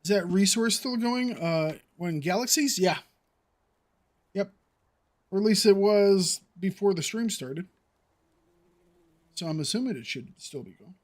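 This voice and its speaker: Here a man with a high, animated voice plays a survival game on stream, speaking a little slowly with long pauses. He talks to chat casually, working through his next moves out loud.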